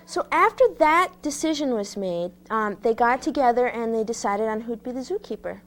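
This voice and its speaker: Comedy sketch: woman as a hesitant young zoo curator, slightly high voice, lots of ums. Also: lively intonation, normal speed. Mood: earnest. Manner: hesitant, full of ums and restarts. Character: earnest 24-year-old single woman zoo curator.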